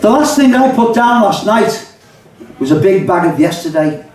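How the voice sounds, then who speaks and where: Brief: older Liverpool-accented man, fairly high voice, reciting rhyming verse live, mic far off in a boomy pub. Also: big pitch swings, moderate pace, darkish tone, reverberant. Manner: rhythmic, rhyming recitation with chatty asides. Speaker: poet and songwriter. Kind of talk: live poetry reading. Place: pub function room, live audience.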